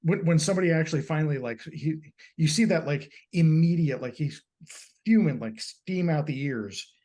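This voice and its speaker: A man's voice: on the high side, normal speed. A man co-hosting a podcast, telling stories with animation and acting out the people he quotes. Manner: animated storyteller, acts out quotes. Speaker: podcast co-host. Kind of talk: casual chat.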